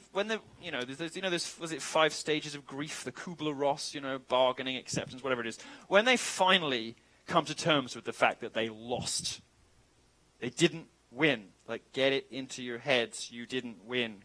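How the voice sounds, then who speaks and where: Bright-voiced sardonic male speaker. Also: medium pitch, low-quality recording. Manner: provocative, sardonic and joking. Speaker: guest speaker. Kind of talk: campus talk with audience Q&A.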